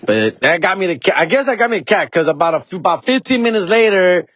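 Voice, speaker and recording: A man's voice: high-pitched, sing-song, fast, a bit bright. La guy doing comedy stories on his podcast, swears a lot, keeps saying dog and fool, tosses in spanish, no room echo at all. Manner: slangy, profane, tags lines with "dog" and "fool"; drops Spanish words and phrases. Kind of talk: casual comedic storytelling.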